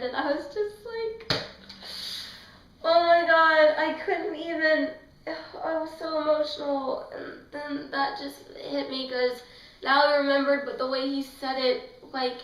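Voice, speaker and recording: A woman's voice: on the high side, a bit bright, roomy sound, distant mic, rough recording. A woman reviewing a book in a casual vlog, gushing and emotional, rambling with fillers. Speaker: book vlogger.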